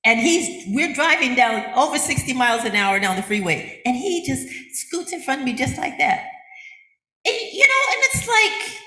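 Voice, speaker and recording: A woman's voice: high-pitched, normal speed. An older woman minister preaching in a loose, conversational way, slipping into little acted-out voices of other people and laughing along with her congregation. Her voice rings out through a roomy church with noticeable echo. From United States. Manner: chatty and animated, acting out quotes with laughter. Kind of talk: conversational sermon. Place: church sanctuary.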